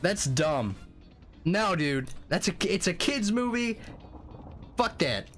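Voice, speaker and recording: A man streaming a game, chatting casually with viewers in an excitable, profane, rambling way. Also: high-pitched, slow. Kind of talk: casual live-stream chat. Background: faint music.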